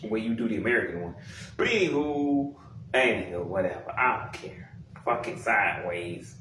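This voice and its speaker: In a very echoey room, far from the mic and with faint noise, a young music commentator rants casually about an album. His lowish voice is sharp in tone, lively in intonation, and at normal speed, and he's blunt, profane, rambling, and exasperated.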